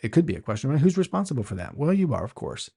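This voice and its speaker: Mellow-voiced man teaching project management. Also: mid-range voice, sing-song, rapid-fire, vocal fry, husky. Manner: conversational teaching with rhetorical questions; restarts phrases often. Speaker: podcast host. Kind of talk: instructional podcast talk.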